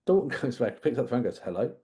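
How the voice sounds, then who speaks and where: A podcast co-host chats casually about a film, retelling it with amused, rambling asides. His voice is medium-pitched and dark-toned, expressive and a little fast.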